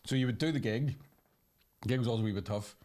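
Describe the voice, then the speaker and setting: Fast-talking Northern Irish man. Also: mid-range voice, darkish tone. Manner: quick, swearing, jokey, puts on voices. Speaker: podcast co-host, comedian. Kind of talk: casual banter.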